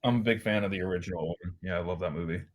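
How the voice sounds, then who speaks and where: A man co-hosting a podcast in casual, quick chat. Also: deep voice. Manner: quick, casual, says dude. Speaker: podcast co-host.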